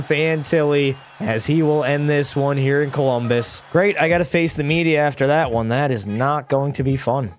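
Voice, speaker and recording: A man's voice: fairly high pitch, moderate pace, soft background music. Man calling hockey gameplay play-by-play. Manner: excitable play-by-play, frustrated outbursts. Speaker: gaming creator. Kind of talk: live gameplay commentary. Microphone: desk microphone.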